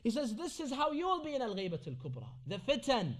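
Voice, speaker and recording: A man's voice: extremely high pitch, huge pitch swings, fast talker. A man giving a Ramadan religious lecture at an Islamic centre, moving between recited Arabic sayings and English explanation with rhetorical questions.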